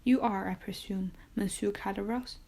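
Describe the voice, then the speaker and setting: A woman voicing a reserved male priest with an Italian accent in an audiobook reading, asking measured, probing questions. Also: mid-range voice, fairly even intonation, gravelly, mellow.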